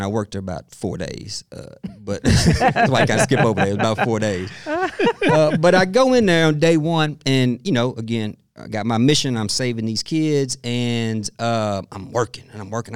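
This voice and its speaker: A middle-aged man speaking as a guest expert in a podcast interview, telling stories in an animated way and laughing often. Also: mid-range voice, clear, resonant tone, no room sound, clean studio sound.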